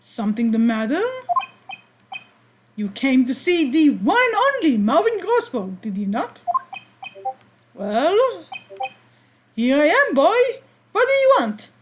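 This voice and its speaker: A woman's voice: sits high, big pitch swings, slow pace, long pauses, slight background noise, exaggerated voice. A woman with an Israeli accent voicing a pompous, blustering older male lawyer from a game. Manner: blustering, evasive and grand.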